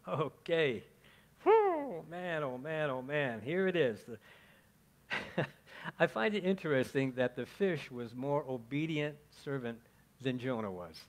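A man's voice: medium pitch, expressive, measured pace. Chatty male preacher. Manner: chatty, asks the congregation questions, frequent "okay?". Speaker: pastor. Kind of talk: conversational sermon.

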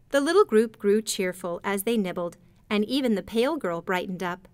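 A woman narrating a storybook in a gentle, measured way. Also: mid-range voice, no room sound. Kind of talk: storybook reading.

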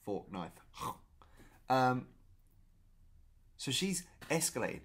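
A man telling a story in a casual vlog, chatty and animated, often repeating himself. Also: mid-range voice, slow pace, husky. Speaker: vlogger.

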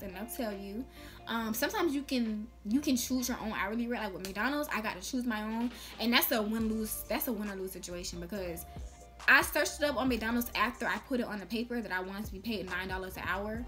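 A woman's voice: on the high side, animated, fast, fairly bright tone, soft background music. A young woman vlogging to camera, giving sassy, playful tips in casual slang. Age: young adult.

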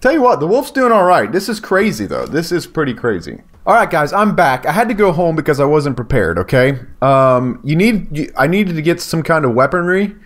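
A man giving casual, excitable commentary on his gameplay, talking to viewers and yelping when danger shows up. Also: a little high, a little fast, few pauses. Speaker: gaming YouTuber.

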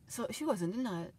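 A middle-aged woman telling a rambling personal story in a vlog, swinging between loud outbursts and quiet asides. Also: fairly high pitch, husky. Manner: emotional, swings loud and soft, laughs often. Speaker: vlogger.

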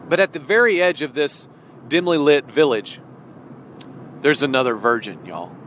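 Slow, bright-voiced male preacher. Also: medium pitch, slight background noise. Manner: emphatic, addresses listeners directly. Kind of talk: sermon storytelling.

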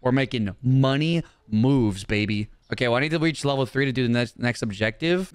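Loud, swinging young man gaming. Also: mid-range voice, sing-song, brisk, few pauses, clean tone. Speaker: gaming YouTuber. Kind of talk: comedic gameplay commentary.

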